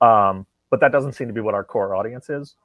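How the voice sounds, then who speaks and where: A man's voice: lowish voice, brisk, no room sound. Man telling stories, dull dry sound. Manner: animated, acts out quoted dialogue. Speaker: comic writer guest. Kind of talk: conversational storytelling interview.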